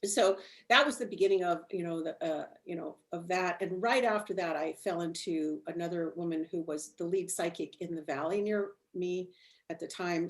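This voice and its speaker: A middle-aged woman telling her story as an interview guest, rambling with fillers and restarts and laughing often. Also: on the low side.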